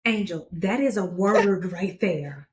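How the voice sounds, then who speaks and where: A woman's voice: lowish voice, slow, darkish tone, slight background noise. Fervent woman host of a ministry show. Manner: fervent, preacherly encouragement. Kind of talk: encouraging ministry talk.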